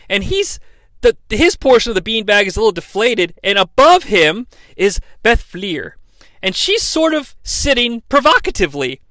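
A man's voice: high voice, sharp tone, no room sound. A man hosting a comedic podcast and recapping wrestling in a sarcastic, profane way on a close mic. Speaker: podcast host.

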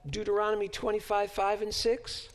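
A man professor giving a Bible lecture to a class, halting and repeating words as he searches for phrasing and asking rhetorical questions. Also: high-pitched, monotone.

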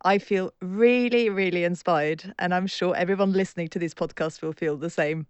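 A woman's voice: lowish voice, normal speed, darkish tone, clean tone, no echo, dull audio. A woman hosting a podcast, who congratulates and thanks her guest in an upbeat, encouraging way. The sound is dry and close to the mic. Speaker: podcast host. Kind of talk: podcast interview.

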